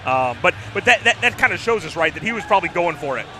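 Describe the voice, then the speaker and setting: A man's voice: sits high, animated, quick pace. A man announcing a swim meet, reading times and results, talking with many fillers and repeated words. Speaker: play-by-play announcer. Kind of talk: live swim meet commentary. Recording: loud crowd noise with music.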